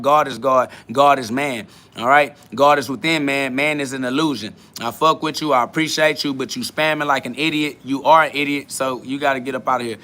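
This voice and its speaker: A man's voice: medium pitch, sharp tone. A young man hosting a podcast, answering live chat in a blunt, profane, lecturing monologue. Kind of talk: preachy live-stream monologue.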